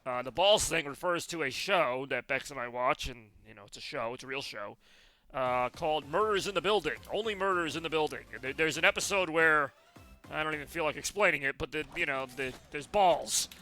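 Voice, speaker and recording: A man streaming a racing game and chatting with his viewers. His voice is bright and pitched a little high, and it swings widely as he rambles between topics and breaks into laughter. Faint game music plays underneath. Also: lively intonation, moderate pace. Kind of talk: casual game commentary.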